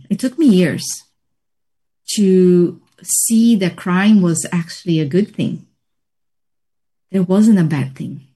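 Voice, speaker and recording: Female interview guest, unhurried and reflective, measured delivery with many pauses. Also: mid-range voice, mellow. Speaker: interview guest, healing practitioner. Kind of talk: personal story in conversation.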